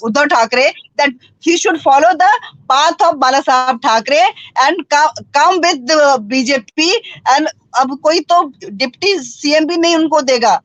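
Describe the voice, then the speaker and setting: A woman speaking as a panelist in a political debate over a remote call, halting and repeating words, slipping into Hindi. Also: high voice, a bit bright, dry recording, low-quality recording. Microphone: remote call with a poor network.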